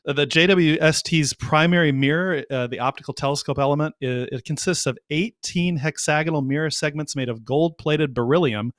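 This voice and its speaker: A man's voice: a little high, brisk, few pauses, a bit bright, no echo, clean studio sound. A man co-hosting a podcast, explaining things in detail with enthusiasm in a casual chat. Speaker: podcast co-host.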